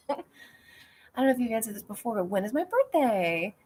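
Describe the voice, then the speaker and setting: A woman's voice: fairly high pitch, very animated, moderate pace, darkish tone, slight background noise. A middle-aged woman chatting casually and rambling, reading viewer comments aloud and acting out the people in her stories. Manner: rambling, self-deprecating, acts out quoted people. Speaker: comedian hosting a livestream.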